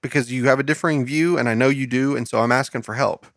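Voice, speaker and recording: A man's voice: mid-range voice, steady tone, fast, fairly bright tone, dry recording. Man, podcast host, reads scripture aloud, asks questions, dry close sound. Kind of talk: casual Bible study discussion.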